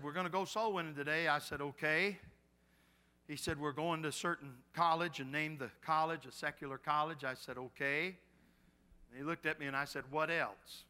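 A preacher man tells homespun stories from the pulpit. His voice is a little high and very bright, climbing into loud pleading calls and then sinking almost to a murmur. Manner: folksy storytelling, rising to shouted exhortation then dropping soft. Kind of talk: storytelling sermon.

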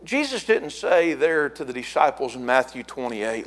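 A middle-aged man preaching a fiery sermon as pastor, building to shouted repeated words. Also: mid-range voice, very animated, moderate pace, hardly any pauses.

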